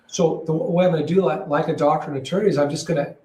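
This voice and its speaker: A man speaking as a real estate broker guest in a conversational interview, calm and matter-of-fact, repeating himself in short phrases. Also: fairly high pitch, rapid-fire, recorded from a distance, a little hiss or hum. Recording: roomy echo, voice a bit off-mic.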